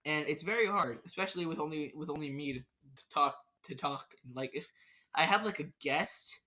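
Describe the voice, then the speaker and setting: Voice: mid-range voice, moderate pace, pushed and bright. A podcast host, rambling through an unscripted solo rant, stammering and restarting sentences often.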